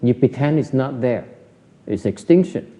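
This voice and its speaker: A man's voice: medium pitch, lively intonation, normal speed, warm tone. A man, a Buddhist teacher, giving a Dharma lecture in a temple hall, teasing and questioning his audience with lots of repetition. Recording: dull audio with hall reverb.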